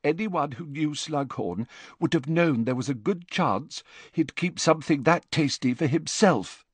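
A man reading aloud and voicing a clever teenage girl who sounds stuffed up with a cold and speaks quietly. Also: fairly high pitch, animated, measured pace, breathy edge, dry recording, pitched above the performer's own voice. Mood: quiet, reasoning.

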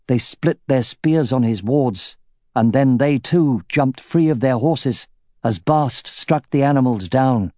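A male audiobook narrator reading fantasy prose with measured, steady pacing. His voice sits in a mid range and sounds warm and mellow. The recording is dry and close. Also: medium pitch, no echo.

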